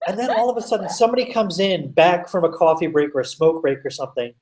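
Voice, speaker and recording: A man telling a story as a guest, animated, full of fillers and swearing. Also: fairly high pitch, fast talker, recorded from a distance, rough recording. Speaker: podcast guest. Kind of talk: casual storytelling.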